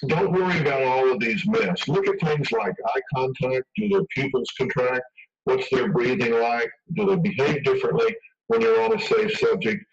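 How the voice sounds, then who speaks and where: A man's voice: medium pitch, big pitch swings, normal speed, vocal fry. A man speaking as an expert guest in a radio interview, emphatic and conversational, acting out quoted lines. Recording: dull radio broadcast from far off.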